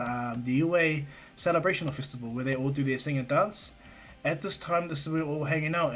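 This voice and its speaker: A man's voice: on the high side, a bit bright. A man casually retelling a fan story, rambling with lots of fillers and restarts.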